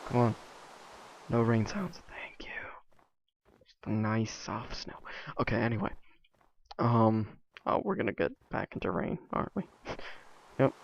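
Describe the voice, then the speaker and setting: A man's voice: on the low side, lively intonation, measured pace, creaky, pauses often, in a whisper, muffled recording. A man vlogging alone, telling stories in a casual, rambling way full of fillers and asides. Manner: rambling, many fillers, self-interrupting asides.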